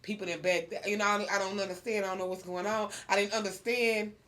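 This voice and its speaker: A woman hosting a podcast, telling a story in casual chat, animated and laughing often. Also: medium pitch, quick pace. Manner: animated storyteller, laughs often, gets loud when excited. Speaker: podcast host.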